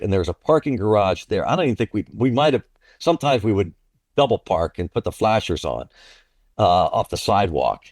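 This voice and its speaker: A man who is a baseball play-by-play broadcaster, telling a long story in an interview, animated and often repeating himself. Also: fairly low pitch, no echo, studio quality. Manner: animated, repeats and restarts phrases.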